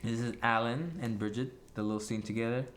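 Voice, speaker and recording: A man's voice: mid-range voice, steady tone, a little fast. A man directing a casual film commentary, chatty and laughing often. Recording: echoey room with faint noise.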